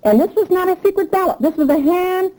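A woman's voice: extremely high pitch, brisk, mellow, low-quality recording. Emphatic older woman recounting events. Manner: emphatic, repetitive, revved-up storytelling. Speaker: union member interviewee. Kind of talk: oral history interview.

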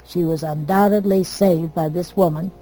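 Older woman telling family stories, mellow. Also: lowish voice, steady tone, moderate pace, husky, rough recording. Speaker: storyteller. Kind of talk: oral history reminiscence.

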